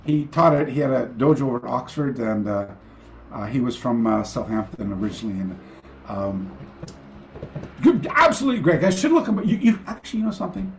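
An older man spins a long, rambling story as a guest on a video call. He restarts sentences often and breaks into animated quoted voices, at a middle pitch. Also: fairly quick, a little hiss or hum. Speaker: guest karate teacher. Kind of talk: storytelling in a casual interview.

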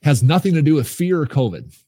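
A man's voice: fairly high pitch, sing-song, fairly quick, dark tone, dry recording, clean studio sound. A middle-aged man, a podcast guest, telling his personal story in an earnest, emphatic way with frequent restarts.

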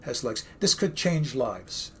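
A man's voice: mid-range voice, sing-song, slow, slight background noise. A man with a Brooklyn accent co-hosting a podcast, talking enthusiastically in a rambling, casual way. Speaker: co-host, communication professor. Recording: very echoey room.

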